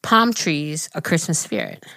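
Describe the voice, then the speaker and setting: A woman's voice: low-pitched, wildly swooping pitch, a little slow, creaky, sharp tone, no echo. A young woman with a Long Island accent, co-hosting a casual podcast chat in a giggly, chatty way, often talking over her friend. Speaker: podcast co-host.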